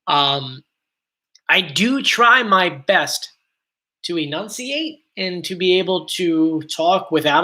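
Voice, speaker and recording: A man with a mixed South Jersey and Philadelphia accent hosts a casual live stream. His voice is bright and pushed forward, and he rambles cheerfully from one viewer comment to the next. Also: high-pitched.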